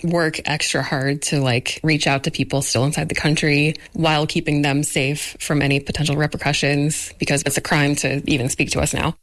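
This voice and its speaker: Flat-toned woman, casual editor. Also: sits low, moderate pace, hardly any pauses. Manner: casual, uses "like" often. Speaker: newspaper editor-in-chief. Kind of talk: interview answer.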